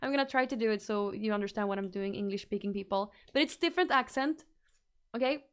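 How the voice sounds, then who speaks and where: A woman's voice: mid-range voice, fast, clean tone. A young woman from northern Sweden, a native Swedish speaker with a Norrbotten accent, chatting casually with her stream viewers and mixing English and Swedish. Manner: chatty, restarts and repeats words, mixes English and Swedish.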